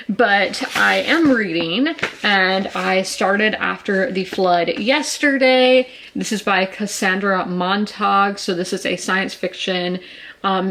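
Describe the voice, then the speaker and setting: A woman's voice: mid-range voice, a bit bright, slight background noise. A woman, chatting at home in a rambling, anxious way for a sit-down vlog. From South Carolina. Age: 20s. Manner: rambling, filler-heavy, anxious storytelling. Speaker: vlogger. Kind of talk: casual sit-down vlog chat. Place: indoors, a room in her home.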